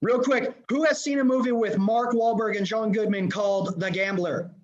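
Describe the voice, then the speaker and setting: Male leadership coach, high voice, energetic, talks straight at the audience; dull video-call sound. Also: normal speed. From Los Angeles. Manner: energetic, addresses audience directly. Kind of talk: motivational seminar talk. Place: remote presentation to a live room.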